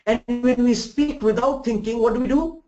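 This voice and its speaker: A man from India giving a live remote soft skills lecture, animated, asking the audience rhetorical questions and demonstrating examples. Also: extremely high pitch, normal speed. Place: room in Bangalore. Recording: roomy, dull lo-fi sound.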